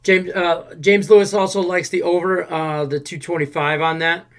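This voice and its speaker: A man's voice: high-pitched, little pitch movement, normal speed, fairly bright tone. Man reading chat on a betting stream. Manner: loose, joking, reads viewer questions aloud. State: out of breath. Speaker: show host reading chat. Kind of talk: casual sports betting livestream.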